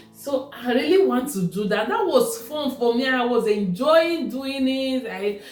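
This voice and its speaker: A woman's voice: medium pitch, darkish tone. A woman with a Nigerian accent telling a personal story in a casual, conversational way. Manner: conversational, repeats herself. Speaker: vlogger. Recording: echoey room with faint music.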